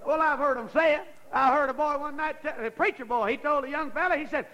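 A preacher with a very high voice tells a church story in a folksy drawl. He rises into fervent, shouting preaching between the anecdotes. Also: fast, hardly any pauses, poor audio. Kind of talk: sermon.

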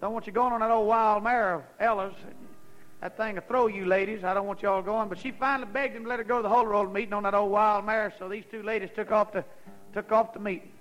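High-voiced preacher telling a story. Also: male voice, steady tone, quick pace, fairly bright tone, highs cut off, soft background music. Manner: folksy storytelling, rising into fervent preaching. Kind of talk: sermon.

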